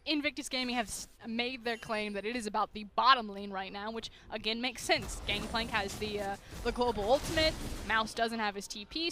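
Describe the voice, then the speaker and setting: Female esports color caster, a touch high-pitched, analytical with easy fillers, music underneath. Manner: analytical, with fillers and playful asides. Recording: commentary over game music.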